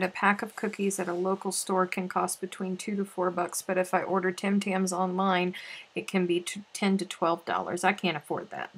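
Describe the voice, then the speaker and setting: Husky-voiced woman chatting on a livestream. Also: medium pitch. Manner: reads viewer comments aloud, playful and chatty. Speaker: crochet livestream host. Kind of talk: casual live-stream chat.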